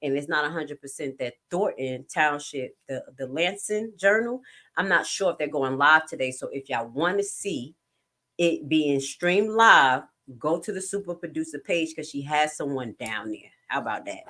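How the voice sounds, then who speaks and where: A woman hosting a casual live stream, blunt and jokey, swearing freely and jumping suddenly in pitch and loudness. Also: animated, normal speed.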